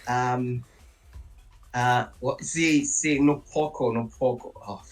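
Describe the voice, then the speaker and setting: A man from Australia chatting casually as a guest on a game stream, telling animated stories and mimicking his relatives. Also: mid-range voice, slow, far from the mic, faint music behind, poor audio. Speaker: guest player.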